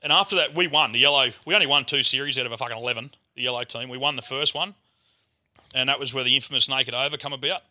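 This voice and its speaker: A young Australian man appears as a guest comedian, talking fast in a medium-pitched voice. His story is loud and animated, packed with swearing and acted-out voices.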